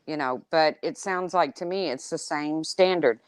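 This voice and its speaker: Low-voiced Midwestern woman, hesitant. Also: normal speed, clean tone, dry recording. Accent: Midwestern American. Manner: hesitant, restarts often, apologetic. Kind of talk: casual chat.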